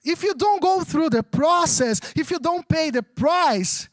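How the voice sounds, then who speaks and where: A man who speaks English as a second language, preaching a sermon as pastor in a lively, conversational way, often checking in with the congregation. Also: extremely high pitch, unhurried, no echo, studio quality. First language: not English. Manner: animated, conversational preaching with frequent audience check-ins.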